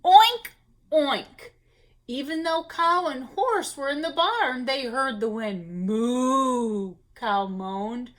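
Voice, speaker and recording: A woman reading a children's picture book aloud at story time, expressive, with gasps and little asides to the children. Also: high voice, takes it slowly, hardly any pauses.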